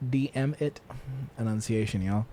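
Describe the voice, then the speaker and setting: A man's voice: lowish voice, dark tone, a little hiss or hum. A man co-hosting a podcast, joking playfully in casual banter. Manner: playful, joking, quick to laugh. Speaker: podcast co-host.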